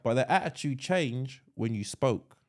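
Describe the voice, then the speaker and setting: Rambling man with a lively pitch. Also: unhurried. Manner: rambling with frequent restarts and slang. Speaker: podcast co-host. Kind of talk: casual chat.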